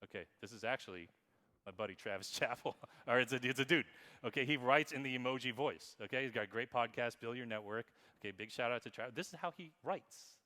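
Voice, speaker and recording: Guy doing a keynote in a big echoey hall, bright voice, joking with the crowd. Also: mid-range voice, quick pace. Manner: playful, reads examples aloud in an exaggerated voice. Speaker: keynote speaker. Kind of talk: conference talk on marketing. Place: conference hall with audience. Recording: long hall reverb.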